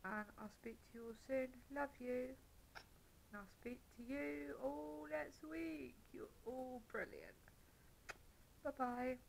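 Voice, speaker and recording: Vlogger woman, 20s, higher voice with vocal fry, sincere and rambling. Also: fairly even intonation, a little slow, a little hiss or hum, rough recording. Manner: earnest, rambling, thanking viewers, yawning. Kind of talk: casual to-camera vlog.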